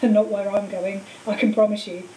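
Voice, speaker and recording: A woman's voice: mid-range voice, little pitch movement, brisk, warm tone, lightly acted. A woman reading as a wry young boy wizard. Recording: echoey room, far mic, faint hiss.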